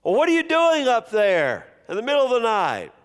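A man's voice: very high voice, huge pitch swings, normal speed, clean tone, voice pushed up, exaggerated voice. A man playing a startled, indignant king woken in the night, who calls out in a raised, exclaiming voice. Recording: long hall reverb.

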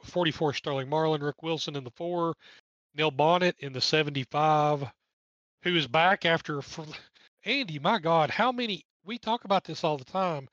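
A man's voice: a little high, a bit bright, dry recording, lo-fi sound. A man with an East Tennessee accent, co-hosting a podcast and chatting wryly through an old race recap. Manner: chatty, wry, jokes between driver lists. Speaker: podcast co-host. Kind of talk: casual race recap commentary.

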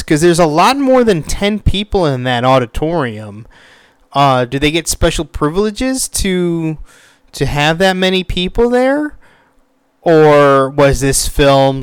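A man's voice: on the high side, very animated, slow pace, clean tone, no room sound. A man talking casually about a TV show in a rambling rant, with many fillers and a lot of swearing when he gets worked up. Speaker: commentator on a TV show.

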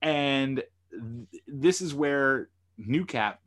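Male podcast host, mid-pitched, casual recap delivery, animated and eager to act out the scenes. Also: extremely slow. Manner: animated, retells scenes with quoted lines.

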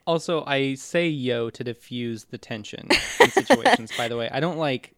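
A man's voice: mid-range voice, very animated, normal speed, fairly bright tone, dry recording. A man as a podcast guest in casual chat, joking dryly at his own expense. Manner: dry, self-mocking jokes.

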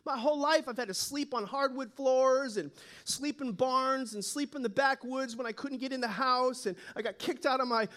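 A man voicing a sweet, grateful little male cat in a joke, in a high, whiny voice. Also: normal speed, fairly bright tone. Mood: plaintive.

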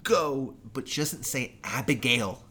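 A man co-hosting a podcast who rambles along in easy, jokey chat. He stammers and restarts his sentences a lot, and his voice sits at a mid pitch over a faint hiss of background noise. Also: big pitch swings, brisk, bright, forceful tone. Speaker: podcast co-host. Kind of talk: casual chat.

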